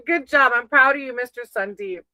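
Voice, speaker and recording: Bright-voiced woman giving tarot readings. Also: on the high side, normal speed, no room sound, rough recording. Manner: affectionate, calls viewers sweetie and baby; chatty, reads names off a list. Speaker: tarot reader on a live stream. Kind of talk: casual live-stream tarot reading.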